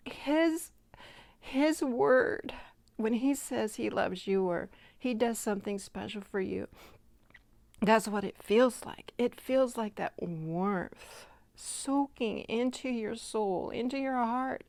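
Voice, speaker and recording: A woman giving a heartfelt personal faith testimony, speaking earnestly and gently, sometimes dropping to a soft half-whisper. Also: a little high, slow, gravelly, no echo. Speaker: Christian devotional speaker.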